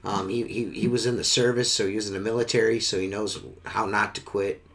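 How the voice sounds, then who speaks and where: A man's voice: fairly low pitch, flat delivery, fairly quick, fairly bright tone. A man hosting a casual podcast, rambling and swearing, repeating himself as he talks. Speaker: podcast host.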